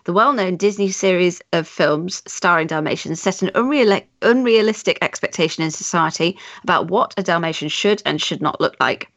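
A woman's voice: on the low side, expressive, moderate pace, hardly any pauses, a bit bright, no echo, highs cut off. Giggly woman podcast co-host reading emails. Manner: giggly, reads emails with amused asides. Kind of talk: casual podcast chat and reading aloud.

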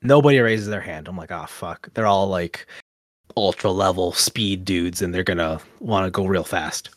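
A man's voice: sits low, moderate pace, dry recording, clean studio sound. A man, co-hosting a podcast and telling a long casual story full of fillers and quoted asides. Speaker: podcast co-host.

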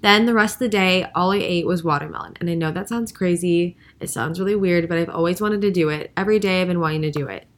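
A woman's voice: fairly low pitch, quick pace, few pauses. A woman co-hosting a casual podcast, speaking in an upbeat, chatty way. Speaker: podcast co-host. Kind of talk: casual chat.

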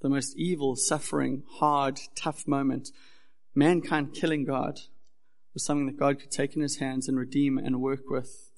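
Young man, pastor, sermon, gravelly edge, flat steady delivery. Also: mid-range voice, moderate pace. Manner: earnest, building in intensity.

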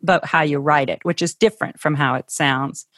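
A middle-aged woman from Ohio speaks in a slightly low, thoughtful voice as a conversational interview guest. She pauses and restarts now and then, laughing lightly. The sound is close and dry, with no room echo. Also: fairly even intonation, fairly bright tone. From Ohio, USA.

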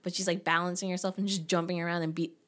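Woman co-host, slightly low voice, laughs easily through scene picks. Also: flat delivery, very fast, a bit bright. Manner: laughs often, chimes in with favorite scenes. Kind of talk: casual movie recap chat.

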